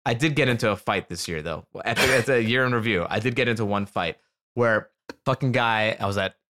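Animated man telling comic rants. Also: fairly low pitch, a little fast. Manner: animated storytelling with profanity. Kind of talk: casual comedic chat.

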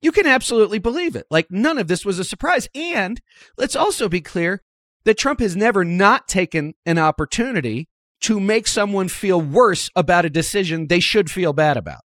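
Speaking at a moderate pace, a man with a high, expressive, slightly bright voice hosts a podcast of casual political chat. He's wry and conversational, quoting people in asides, and the studio sound is clean with no echo.

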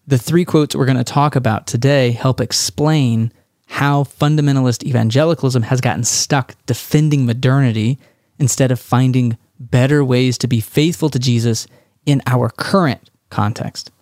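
A man's voice: medium pitch, fairly even intonation, moderate pace, darkish tone, dry recording, clean studio sound. A man from Texas hosting a podcast, talking through a monologue in a conversational, wry way. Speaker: podcast host.

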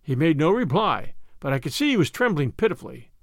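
Expressive male audiobook narrator, dry sound. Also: fairly high pitch, a little fast, no room sound. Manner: expressive, dramatic reading. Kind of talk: first-person scripted narration.

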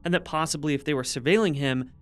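Smooth, higher-voiced man podcasting. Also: fast talker. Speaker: podcast co-host. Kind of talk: casual true-crime podcast chat and narration.

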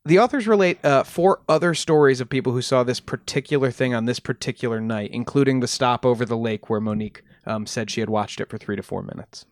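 A man's voice: mid-range voice, fast talker, hardly any pauses, no echo. Casual man retelling a story. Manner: relaxed, with frequent ums and restarts. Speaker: podcast host presenting research.

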